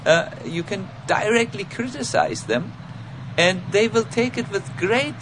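A man with giving an informal spiritual lecture, halting with many fillers and restarts, and self-mocking. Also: sits high, noisy background. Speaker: spiritual teacher giving a talk.

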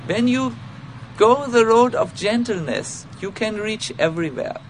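A man lectures in with a high, very lively voice and a gravelly edge. He talks haltingly, full of fillers and restarts, and pokes fun at himself. A faint hiss sits behind him. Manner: halting, many fillers and restarts, self-mocking. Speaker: spiritual teacher giving a talk. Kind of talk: informal spiritual lecture.

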